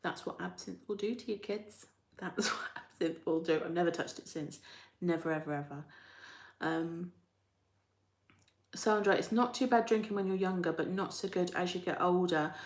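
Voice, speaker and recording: Hosting a live chat, a woman reads out viewer comments in a rambling, chatty way and laughs often. Her voice is on the low side at a normal speed, with a roomy echo in the recording.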